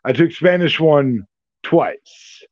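A man's voice: a little high, slow, muffled recording. A man joining a podcast chat, rambling and self-deprecating. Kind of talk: casual chat.

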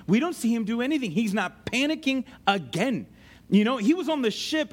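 Animated preacher man, lively swooping pitch. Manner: animated preaching with dramatic pitch swings and casual asides; conversational, uses slang like "ain't" and "dude". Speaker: pastor. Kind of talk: sermon.

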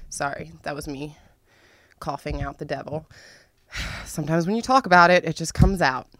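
A woman's voice: low voice, expressive, a little slow, long pauses, dry recording, studio quality. Dramatic, foul-mouthed young woman vlogger. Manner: profane, dramatic storytelling with sudden loud outbursts. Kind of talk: casual storytime vlog.

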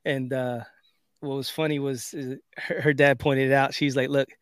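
A man's voice: medium pitch, normal speed, clear, resonant tone, dry recording, studio quality. A middle-aged man co-hosting a podcast, telling a story in casual chat, using slang and acting out quotes. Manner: animated storyteller, acts out quotes; laid-back slang, says bro and dude. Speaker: podcast co-host.

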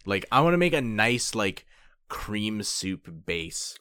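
Low-voiced man in dry casual chat. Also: big pitch swings, takes it slowly, pushed and bright, clean tone, dry recording.

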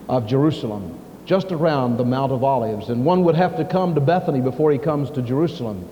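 A man's voice: mid-range voice, dark tone, a little hiss or hum. A man preaching a sermon, telling the story with emphasis, in a dull recording with long hall echo.

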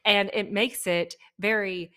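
A woman co-hosting a podcast in a casual chat, easygoing and quick to laugh. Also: mid-range voice, steady tone, bright, forceful tone, clear, resonant tone. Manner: easygoing, laughs often, backchannels.

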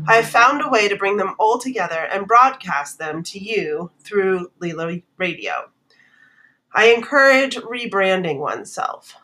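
A woman host calmly reading a scripted introduction to her wellness podcast. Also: fairly low pitch.

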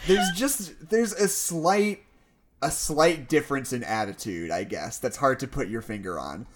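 A woman's voice: very deep voice, expressive, measured pace, a little hiss or hum. A woman co-hosting a podcast in casual chat, laughing often and acting out movie lines in silly voices. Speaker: podcast co-host.

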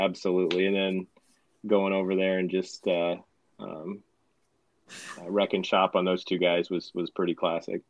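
A man's voice: low-pitched, lo-fi sound. A man co-hosting a casual film podcast, rambling along with frequent ums. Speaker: podcast co-host. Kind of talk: casual movie discussion.

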